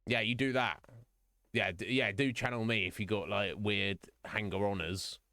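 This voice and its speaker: A man's voice: fairly low pitch, steady tone, moderate pace, sharp tone. A man hosting a live stream, chatting casually and jokingly with viewers by name. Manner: rambling, joking, talks to chat by name. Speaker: streamer host.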